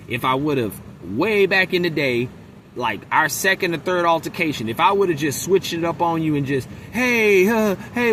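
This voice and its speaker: Brief: man, slightly high voice, venting bluntly to camera outdoors, faint street noise. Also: a bit bright. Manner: blunt, profane, mimics coworkers. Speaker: vlogger. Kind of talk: casual venting monologue.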